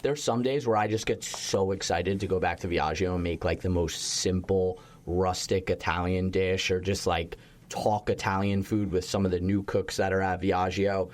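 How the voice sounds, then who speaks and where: A young man with a fairly low voice talks shop as a chef, loose and animated. He fills his sentences with "like" and lets a curse word slip now and then. The tone is relaxed interview chat. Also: moderate pace. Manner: animated storytelling, heavy use of "like", occasional swearing. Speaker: chef and restaurateur guest.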